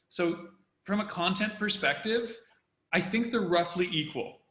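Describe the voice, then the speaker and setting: A man giving a measured, analytical critique of speeches, sometimes acting out how a line should be delivered. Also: a little high, bright, forceful tone, reverberant, rough recording. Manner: measured, acts out phrasings to make a point. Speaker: public speaking commentator. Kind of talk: analytical discussion.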